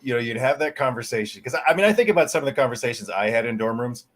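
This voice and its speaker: A man's voice: mid-range voice, very fast, a little hiss or hum. A male podcast host asking questions in casual conversation, animatedly voicing imagined thoughts. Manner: animated, voices quoted thoughts. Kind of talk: casual interview.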